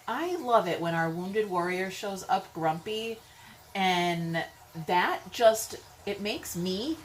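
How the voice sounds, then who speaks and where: A woman giving a casual tarot reading, chatty and rambling, swearing freely, with sudden loud exclamations and frequent "okay?" check-ins. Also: mid-range voice, slight background noise, low-quality recording. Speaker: tarot reader.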